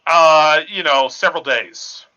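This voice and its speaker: A man acting as game master, talking in a halting way with many fillers. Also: fairly high pitch, pushed and bright. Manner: halting, filler-heavy narration. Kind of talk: running a tabletop game over a call. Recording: dull lo-fi audio.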